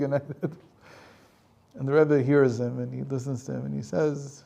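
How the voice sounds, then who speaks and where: A man's voice: mid-range voice, little pitch movement, measured pace, gravelly, mellow, highs cut off. A man, a rabbi and teacher, telling a story in a conversational lecture with frequent chuckles.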